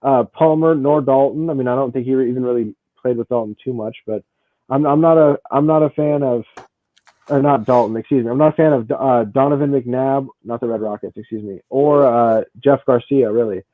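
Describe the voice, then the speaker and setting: A man co-hosting a casual sports podcast, talking fast, repeating himself and stacking stats. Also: mid-range voice, no room sound. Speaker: podcast co-host. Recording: dry, tinny phone-like audio.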